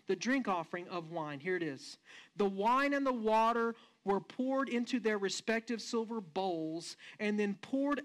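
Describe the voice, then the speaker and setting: A male pastor delivers a sermon in an animated storytelling manner and keeps asking his listeners questions. He stretches some phrases slowly and rushes others to stress a point. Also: high voice. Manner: slows down and speeds up for emphasis.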